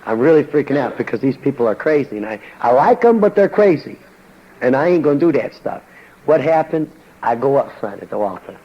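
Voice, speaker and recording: A man's voice: mid-range voice, sing-song, brisk, slightly rough. Folksy male preacher giving testimony. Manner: folksy, plain-spoken storytelling with slang. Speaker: evangelist preacher. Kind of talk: testimony sermon to a congregation. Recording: dull lo-fi recording with faint background noise.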